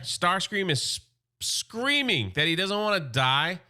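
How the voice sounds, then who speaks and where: A man recapping a comic book in a casual, slangy, excited way. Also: sits high, a little slow, clear, resonant tone.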